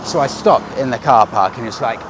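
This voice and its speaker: A man's voice: mid-range voice, brisk. Chatty man vlogging outdoors. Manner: chatty, storytelling. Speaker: motorcycle vlogger. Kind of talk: casual vlog narration. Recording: outdoor noise.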